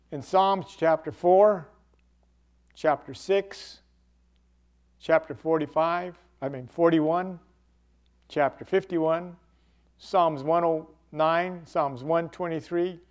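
A male preacher delivers a sermon in a high voice. He talks slowly and with drama, and he acts out the cries of the people in his story. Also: smooth.

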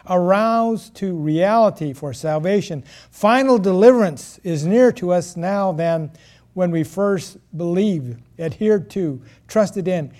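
A man preaching a sermon, reading scripture and stressing key words with pauses. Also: sits high, darkish tone. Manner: slow, emphatic preaching with pauses and self-corrections.

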